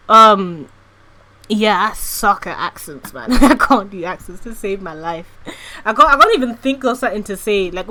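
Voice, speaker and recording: Woman, VTuber streamer, rambly and giggly, casual swearing, bright crisp tone, chatty livestream delivery. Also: mid-range voice.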